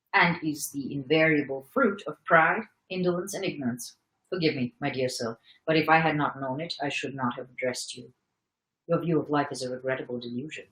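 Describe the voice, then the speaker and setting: A woman reading the lines of a severe old man, a Freemason, in a deliberate, grave manner. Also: low voice, fairly bright tone. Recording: roomy echo.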